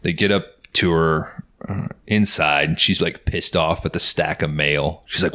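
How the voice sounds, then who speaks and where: Very deep-voiced, laid-back man recapping. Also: fairly even intonation, measured pace, bright, forceful tone. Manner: laid-back, profane, acts out quotes with laughs. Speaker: podcast host. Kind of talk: casual movie recap chat.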